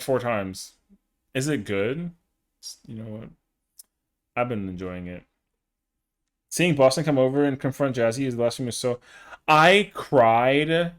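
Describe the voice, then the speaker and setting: Slangy young man chatting on stream. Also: mid-range voice. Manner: slangy, rambling, heavy on fillers. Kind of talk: casual live-stream chat.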